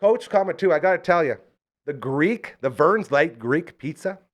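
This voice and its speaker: A man's voice: fairly high pitch, lively intonation, moderate pace. A man hosting a live local podcast, chatting casually and rambling through enthusiastic sponsor plugs. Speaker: podcast host.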